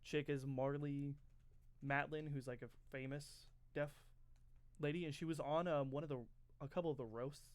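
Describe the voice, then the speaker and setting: A young man co-hosts a podcast, chatting casually and rambling through stories while loudly acting out movie quotes. His voice is a little high and steady, at a moderate pace, with no room sound.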